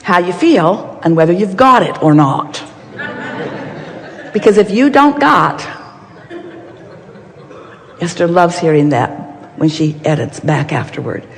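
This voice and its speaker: A woman's voice: fairly low pitch, sing-song, takes it slowly, creaky, pauses often. A woman giving an inspirational seminar talk, speaking as a collective "we" in an emphatic, playful way. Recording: long reverb of a large hall.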